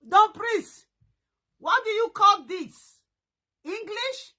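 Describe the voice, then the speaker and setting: A Nigerian woman with a high, bright voice hosts a casual live stream. She talks in an unhurried way, breaking into loud mocking remarks and laughter.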